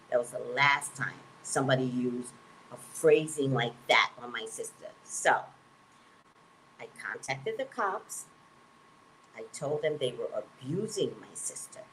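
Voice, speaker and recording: A woman who works as a psychic reader, telling a personal story in an emphatic, animated way and acting out the dialogue. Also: a bass voice, slight background noise, poor audio.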